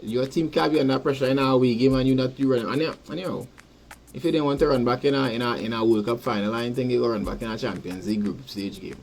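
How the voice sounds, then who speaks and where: A man with a Trinidadian accent hosting a live sports podcast, rambling casually, repeating words and giving shout-outs to listeners. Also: mid-range voice, fast talker, slight background noise. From Trinidad and Tobago. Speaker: podcast host.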